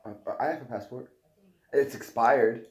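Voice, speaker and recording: A man's voice: medium pitch, steady tone, moderate pace. A man co-hosting a casual livestream chat, rambling and coughing often. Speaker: co-host. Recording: echoey room.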